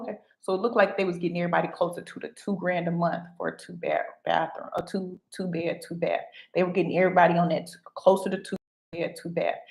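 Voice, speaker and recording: A woman's voice: lowish voice, reverberant, poor audio. A woman vlogger chatting casually to camera, telling stories and repeating her phrases as she goes. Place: home in Mexico.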